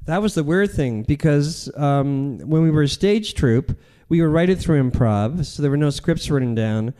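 A man's voice: a little high, lively intonation, normal speed, dark tone. A man, a comedian, rambling through self-deprecating stories in a casual interview. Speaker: comedian guest.

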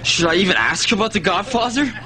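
High-voiced, aggrieved sketch character; lively pitch, noisy TV clip. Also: male voice, a little fast, a crowd in the background. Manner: aggrieved, fussy. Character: put-upon man owed a rented video. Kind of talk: TV sketch comedy acting.

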